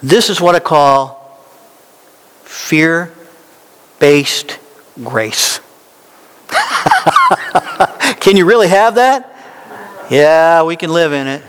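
A man preaching a sermon at a deliberate, unhurried pace, his voice sitting a little high for a man. He leans hard on key words and rises into insistent bursts. The sound carries a long reverb, as in a large hall. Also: slight background noise. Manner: slow, emphatic preaching with rising, animated peaks. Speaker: pastor.

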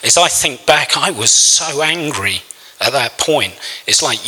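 A man's voice: mid-range voice, lively intonation, measured pace, pushed and bright, husky, in a large hall, rough recording. A man preaching a sermon, telling a personal story in an earnest, emotional way. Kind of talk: sermon testimony.

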